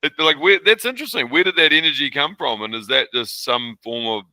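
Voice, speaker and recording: A man's voice: a little high, fairly quick, pushed and bright, no echo. A young man hosting a casual interview, joking, laughing often and cutting in with questions. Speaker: podcast host.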